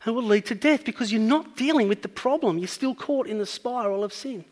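A man's voice: very high voice, brisk, a little mellow, big-room sound. A man preaching a sermon, earnestly teaching and building up to emphatic points.

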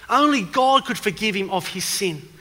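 Preacher with a bright, high voice. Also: male voice, lively intonation, moderate pace, big-room sound. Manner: questioning, emphatic, rises in force. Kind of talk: evening sermon.

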